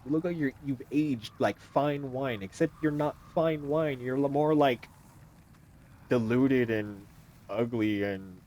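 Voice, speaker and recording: A young man giving casual, animated commentary over a video game, joking and talking back to the characters on screen. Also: mid-range voice, slow pace. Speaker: gaming YouTuber.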